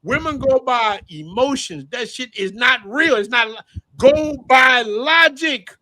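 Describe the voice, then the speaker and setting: A man's voice: very high voice, expressive, a little slow, sharp tone, slight background noise. A middle-aged man hosting a casual livestream chat, telling stories animatedly, laughing often and swearing freely. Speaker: channel host.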